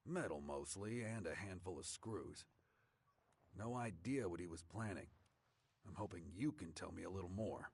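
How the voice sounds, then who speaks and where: An actor playing a stern, gruff male camp commander in a video game, speaking in a curt, commanding way. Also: low-pitched, animated, moderate pace, darkish tone, heavily acted. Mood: grim.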